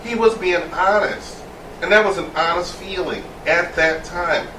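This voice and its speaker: A gay man chatting casually as a co-host, emphatic and animated as he tells his stories. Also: sits high, unhurried. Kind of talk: casual chat. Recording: roomy sound from a distance with faint noise.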